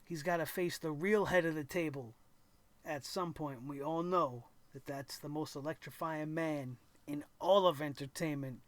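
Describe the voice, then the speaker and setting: Animated wrestling show host, high voice. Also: male voice, normal speed. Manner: animated, acts out wrestlers' lines and shouts. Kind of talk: excited wrestling commentary.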